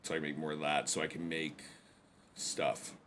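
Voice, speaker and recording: A man with an extremely low, fairly flat voice offers casual gameplay commentary at a moderate pace while streaming a survival game. His tone is a bit bright, and there's slight hiss or hum. He rambles to his viewers, tossing in self-deprecating jokes and asides to chat.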